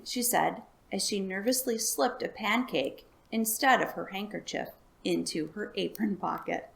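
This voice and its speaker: Library storyteller, woman, calm read-aloud with a gravelly edge. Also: on the low side, normal speed. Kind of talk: reading a children's book aloud.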